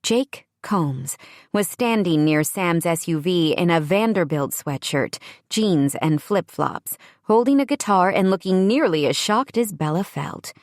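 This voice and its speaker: Woman reading a romance audiobook, lowish voice, super dry close studio mic. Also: animated, unhurried, no room sound. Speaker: audiobook narrator. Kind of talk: scripted narration. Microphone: studio microphone, close.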